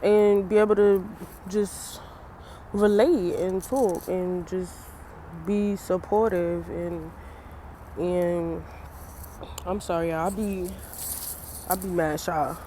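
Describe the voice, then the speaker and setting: A woman's voice: fairly low pitch, steady tone, takes it slowly, long pauses, dark tone, slight background noise. A young woman talking to her camera in a casual personal vlog, chatty and loose, laughing often, her eyes swollen from crying, outdoors in the cold. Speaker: vlogger.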